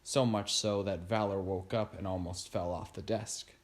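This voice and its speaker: A man narrating a storybook chapter in a steady reading voice. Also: low-pitched, moderate pace. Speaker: audiobook narrator.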